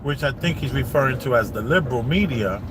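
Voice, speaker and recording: A man's voice: medium pitch, lively intonation, fairly quick. Man ranting outside over street traffic. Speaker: vlogger. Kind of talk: casual commentary vlog.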